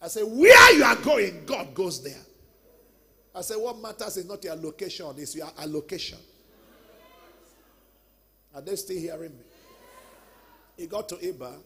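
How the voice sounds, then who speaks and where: A man with a Nigerian accent preaching a sermon as pastor, telling stories and breaking into shouts. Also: on the high side, a little slow, long pauses, slight background noise. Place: large church hall. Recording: long church hall reverb.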